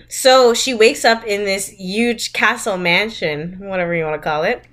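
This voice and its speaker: Woman podcast co-host, casual and animated, laughs easily, middle pitch. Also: unhurried. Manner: animated, laughs often, mocks lines in quotes. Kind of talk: casual chat.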